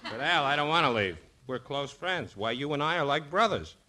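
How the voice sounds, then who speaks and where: Dry sardonic guy on an old radio comedy, lively fairly high voice, hissy crackly broadcast. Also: normal speed. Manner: dry, sardonic, laughs at his own lines. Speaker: pianist and comic guest.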